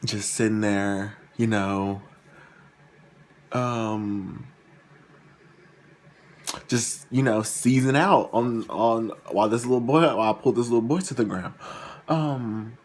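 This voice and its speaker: A man's voice: fairly low pitch, slow pace, long pauses, slight background noise. A young man who tells a casual story in a rambling, self-deprecating way, with lots of fillers. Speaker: vlogger.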